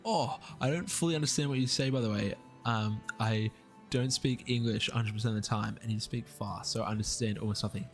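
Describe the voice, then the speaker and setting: Streaming a strategy game, this young guy with an Australian accent chats with his viewers in an easygoing, upbeat ramble. His voice is lowish and he talks fairly quickly, over faint background music.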